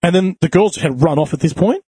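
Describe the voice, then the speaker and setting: A man telling a crude, animated story in casual chat, swearing freely. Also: on the high side, a little fast, slightly rough, no echo. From Australia.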